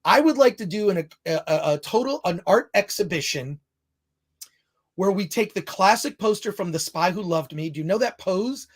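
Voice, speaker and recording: A man's voice: sits high, animated, moderate pace. A man hosting a film review show in casual chat, rambling off on tangents and restarting his sentences often.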